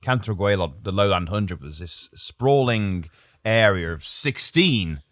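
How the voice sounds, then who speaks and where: A man's voice: fairly low pitch, unhurried, dry recording, clean studio sound. A man hosting a casual comedy podcast, joking and laughing often as he tells the story. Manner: jokey, laughs often, lively delivery. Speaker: podcast host and writer.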